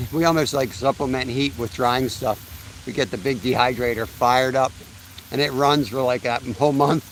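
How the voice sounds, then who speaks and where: A man in his thirties talks to his live viewers from a creek bank, relaxed and chatty, laughing easily between thoughts. His voice sits at an ordinary middle pitch. Faint outdoor noise and the odd passing vehicle sit behind him. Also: rough recording. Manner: laid-back, chatty, laughs often. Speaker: fishing livestream host. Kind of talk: casual live-stream chat. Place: outdoors by a creek while fishing.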